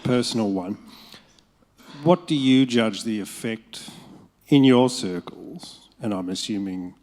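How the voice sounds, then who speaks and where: A man's voice: fairly low pitch, slow, darkish tone. A man in the audience of a public talk, asking a long, winding question.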